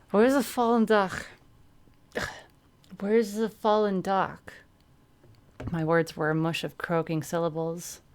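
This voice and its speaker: A woman's voice: on the low side, clean tone. A woman streamer reading a first-person story aloud, breaking off now and then to comment.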